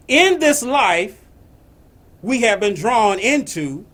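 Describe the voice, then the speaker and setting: A man giving a spiritual message, slow and emphatic, repeating his phrases. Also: high voice, a bit bright. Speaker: spiritual teacher.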